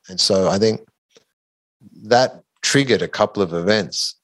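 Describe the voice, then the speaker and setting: A man, a podcast guest telling a story in a casual, animated way and laughing as he goes. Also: on the low side, unhurried. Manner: animated, laughs through his own story.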